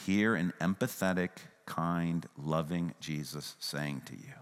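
Low-voiced guy preaching, gets loud then drops to a hush, big reverby hall. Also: steady tone, takes it slowly. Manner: swings from raised, emphatic to hushed, tender. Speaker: pastor. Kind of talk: sermon.

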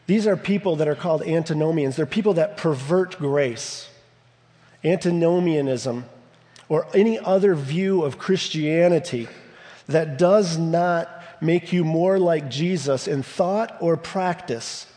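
High-voiced preacher in a reverberant church. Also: male voice, darkish tone. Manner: emphatic, slows to stress key words. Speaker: pastor. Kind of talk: sermon. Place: church sanctuary.

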